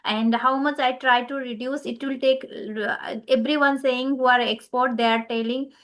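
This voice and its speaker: A woman with a notably high voice hosts relaxed English conversation practice. She speaks agreeably, often answering with brief affirmations. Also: moderate pace. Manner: agreeable, frequent short affirmations. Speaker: host of English practice channel.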